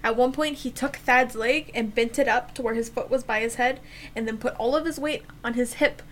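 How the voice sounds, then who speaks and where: A woman's voice: fairly high pitch, a little fast, slight background noise, rough recording. A young woman casually co-hosting a podcast, telling stories with sarcasm, frequent swearing and laughter. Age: young adult. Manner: chatty, sarcastic, swears freely, laughs often. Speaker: podcast co-host. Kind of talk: casual chat and true crime storytelling.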